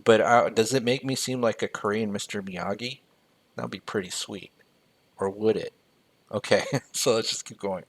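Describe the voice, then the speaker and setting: A man's voice: on the low side, steady tone, normal speed, creaky. An American-raised man mentoring on personal finance, walking through a spreadsheet in a loose, joking way and reading numbers aloud as he types them. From United States. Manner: casual and jokey, reading figures aloud as he types. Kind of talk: screen-share spreadsheet tutorial.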